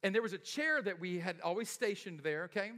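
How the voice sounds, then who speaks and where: Man preaching, casual and joking, high bright voice, long hall reverb. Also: animated, brisk. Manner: casual, joking storyteller with frequent laughs and "right?". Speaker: pastor. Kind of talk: sermon.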